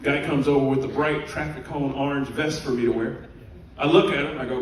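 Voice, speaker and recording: A man performing a stand-up comedy routine on stage, telling stories in an animated way. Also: medium pitch, fast talker. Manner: animated storytelling with laughter. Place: cruise ship theater, live audience. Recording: echoey room from far off, audience noise.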